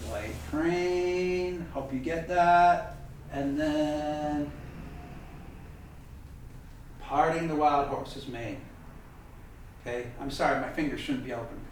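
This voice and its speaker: A man leads a tai chi class, talking slowly and a bit high, chatty and correcting himself as he shows each move. He is heard from across a very echoey training room with a faint hiss behind him. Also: far from the mic. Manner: chatty, self-correcting, demonstrating moves. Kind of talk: teaching a class over video. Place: training room with heavy bag.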